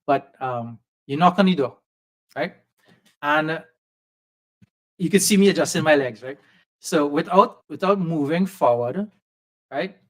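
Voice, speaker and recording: A man from Trinidad with a softened Trinidadian accent, telling a lively personal story as a podcast guest and acting out the voices of people he quotes. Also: fairly high pitch, unhurried, long pauses. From Trinidad and Tobago. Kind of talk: storytelling in a conversation. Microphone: video call setup.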